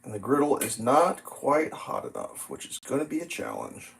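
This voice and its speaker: A man's voice: medium pitch, normal speed, creaky, rough recording. A man cooking pancakes at a griddle in his kitchen, telling stories in a loose, rambling and profane way. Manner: animated, profane storytelling. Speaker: vlogger cooking breakfast. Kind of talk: casual rambling chat.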